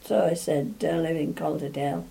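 A woman's voice: low-pitched, fairly even intonation, brisk, gravelly, mellow. An older woman telling a story from memory in a rambling way, often restarting and chuckling. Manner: rambling, full of restarts, laughs while telling. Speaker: interviewee. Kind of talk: reminiscing storytelling.

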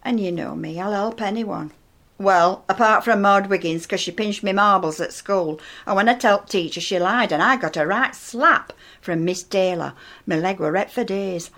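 A woman's voice: mid-range voice, normal speed, a bit bright, close to an everyday voice. A woman performing a comic character monologue as a gossipy elderly woman with a Northern English accent and dry, matter-of-fact humour. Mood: chatty. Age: older. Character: chatty, nosy elderly northern widow-type woman.

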